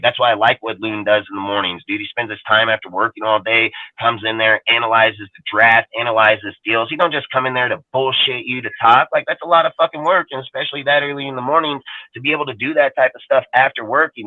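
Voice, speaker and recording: A man's voice: mid-range voice, no room sound. Blunt, swearing man on a tinny line. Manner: blunt, heavy swearing, repeats "bro" and "dude". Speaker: podcast host. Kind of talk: profane fan rant on a live stream. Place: inside a parked car in freezing weather. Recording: dry, tinny phone-quality audio.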